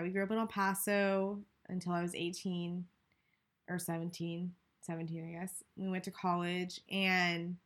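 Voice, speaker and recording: Speaking at a medium pitch with a slightly bright tone, this podcast co-host is a young Texan woman. The conversation is casual and chatty, with plenty of fillers and restarts.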